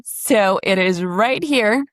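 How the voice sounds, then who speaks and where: A woman's voice: mid-range voice, expressive, slow, no room sound, clean studio sound. A woman coaching pronunciation in a casual online lesson, chatty and quizzing her student, swearing now and then.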